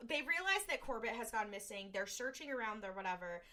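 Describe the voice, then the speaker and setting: A woman's voice: fairly high pitch, sing-song, a little fast, pushed and bright. A woman co-hosting a podcast, casually retelling an episode with lots of filler words and acted-out lines. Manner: rambling, lots of "like" and "um", acts out lines. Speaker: podcast co-host. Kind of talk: casual recap chat.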